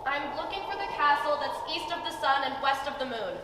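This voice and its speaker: A woman's voice: high voice, expressive, fairly quick, noisy background. A woman playing an earnest, determined young heroine. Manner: earnest, polite. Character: determined young girl on a quest for her prince. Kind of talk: stage play acting. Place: school theater stage. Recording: distant, echoey theater hall.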